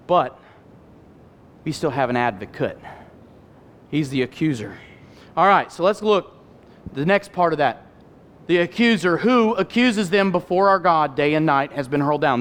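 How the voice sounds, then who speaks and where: A middle-aged male pastor giving an animated sermon, acting out voices and making candid personal asides. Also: fairly high pitch, a little hiss or hum. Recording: hall reverb.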